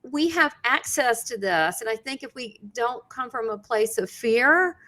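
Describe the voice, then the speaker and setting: A woman hosting an interview who works as a psychic medium, telling a story in an animated way and acting out quoted dialogue with frequent laughs. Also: fairly high pitch, measured pace. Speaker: psychic medium and show host.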